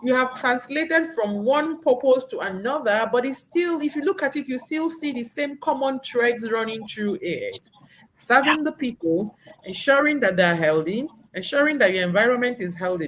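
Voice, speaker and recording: A woman hosting an interview show, effusive and animated, laughing often as she talks. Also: a little high, moderate pace, slight background noise, rough recording. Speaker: talk show host.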